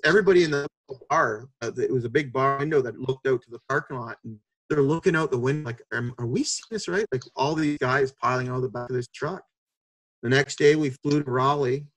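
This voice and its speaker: A man in his fifties, a podcast guest who tells stories in a lively way and acts out the people he quotes. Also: mid-range voice. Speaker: podcast guest, hockey executive. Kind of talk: storytelling.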